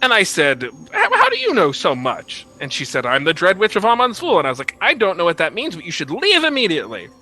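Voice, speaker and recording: A man's voice: sits high, huge pitch swings, fast, hardly any pauses, pushed and bright, faint music behind, voice pushed up, heavily acted, rough recording. A man voicing a boastful young prince, freshly freed from a curse, who tells his tale in a rambling, self-important way. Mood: storytelling.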